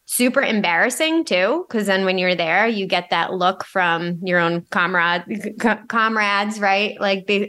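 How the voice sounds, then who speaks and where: A woman's voice: mid-range voice, unhurried, few pauses, pushed and bright, smooth. A woman co-hosting a podcast, talking in an earnest, reflective way in casual chat. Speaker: podcast co-host, energy healer, nurse.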